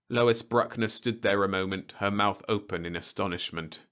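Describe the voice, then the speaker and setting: A man reading a science fiction bedtime story aloud in an expressive, animated way. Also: lowish voice, normal speed, few pauses, clean tone. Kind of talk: scripted narration of a bedtime story.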